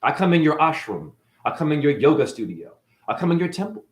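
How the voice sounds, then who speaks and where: A man's voice: fairly high pitch, big pitch swings, fairly quick. A man as a spiritual teacher, ranting in a defiant, preachy way, swearing and tossing out mocking asides. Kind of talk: unscripted spiritual rant. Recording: echoey room.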